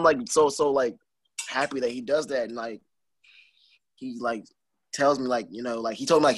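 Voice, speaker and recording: Rambling husky young man. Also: mid-range voice, normal speed, pauses often, no room sound. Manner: rambling, filler-heavy, excitable. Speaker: wrestler guest. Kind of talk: casual interview.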